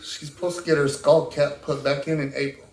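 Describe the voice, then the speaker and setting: A middle-aged man telling a long, halting story in a casual interview, full of restarts. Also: a little high, flat delivery, darkish tone, roomy sound, a little hiss or hum. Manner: rambling, halting, many restarts. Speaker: interviewee, husband of a stroke patient.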